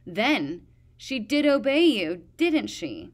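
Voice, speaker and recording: A woman's voice: a little high, big pitch swings, voice pushed up, full character voice. Woman playing a stubborn male dragon guard. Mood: insistent. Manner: stubborn, measured testimony.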